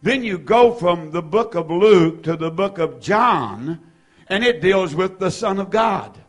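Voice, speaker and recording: A man preaching a sermon, reading scripture aloud and repeating key phrases with slow, drawn-out emphasis. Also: high-pitched, expressive. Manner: reads scripture in old-fashioned wording. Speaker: pastor.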